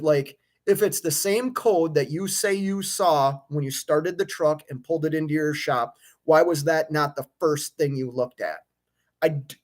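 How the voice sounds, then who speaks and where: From a hotel room on a live stream, an owner-operator truck driver with a fairly high-pitched voice vents his frustration. Fired up, he keeps restarting his sentences, then moves on to reading viewer comments.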